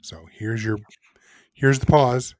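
A man's voice: mid-range voice, fairly even intonation, slow pace, no echo, clean studio sound. Sarcastic man co-hosting a podcast. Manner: sarcastic, laughing and swearing while he critiques. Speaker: podcast co-host. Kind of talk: casual podcast chat.

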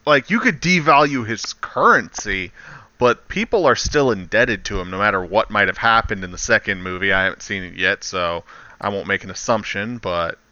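A young man with a very bright, crisp voice gives wry, laid-back remarks about a film. His sound is dry and a little dull, as if from a cheap microphone. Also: on the low side, moderate pace, dry recording. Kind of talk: casual film chat.

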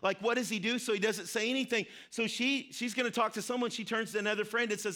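A man's voice: high voice, steady tone, fast talker, hardly any pauses, bright, forceful tone. A man preaching a sermon, telling a story earnestly and repeating key phrases for emphasis. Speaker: pastor.

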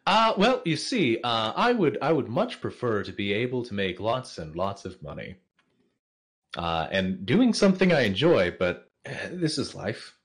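A man's voice: mid-range voice, big pitch swings, measured pace. A man as the guest on a casual podcast, answering questions hesitantly with lots of ums and easy laughter. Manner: hesitant, many fillers, laughs easily. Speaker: interview guest.

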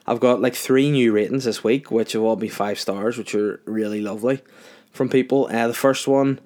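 A man's voice: on the low side, a little mellow. Young man, tipsy solo podcast host, cheeky and sweary, rambling chat. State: tipsy from a few wines.

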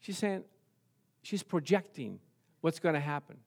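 A man preaching a sermon, telling the story with lively rhetorical questions and chuckles. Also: a little high, measured pace, gravelly. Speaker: pastor.

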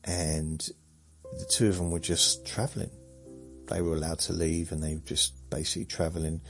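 A man, rambling slowly through a meandering bedtime monologue with muttered asides that trail off. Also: extremely low pitch, level tone, fairly bright tone, faint music behind. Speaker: sleep podcast host.

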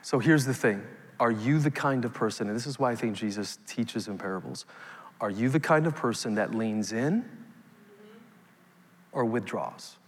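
Pastor, man, 30s, mid-pitched, emphatic live sermon, echoing hall. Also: normal speed. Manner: emphatic preaching with rising calls to the congregation. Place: church sanctuary. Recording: long hall reverb.

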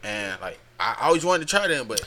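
A man's voice: mid-range voice, very animated, a little fast, pushed and bright. A man chatting casually on a podcast, telling stories in a laid-back, slangy way. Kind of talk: casual chat.

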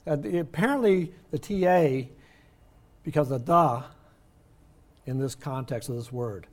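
An older man teaching a Bible study class, explaining word meanings in a conversational way and slowing down to stress key words. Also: a little high, darkish tone.

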